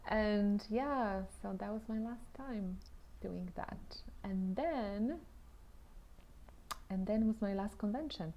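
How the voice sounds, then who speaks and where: A woman's voice: on the high side, slow pace, a little hiss or hum. Woman vlogger, casual personal storytelling, chatty with restarts and exclamations, slips into half-whispers. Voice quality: lively, often drops into soft half-whispered asides. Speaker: vlogger telling her own story.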